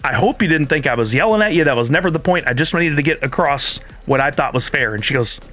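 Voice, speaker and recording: A man's voice: on the high side, expressive, quick pace, bright, forceful tone. A middle-aged man hosting a stream, telling a story in casual chat and acting out both sides of the conversation. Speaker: streamer host.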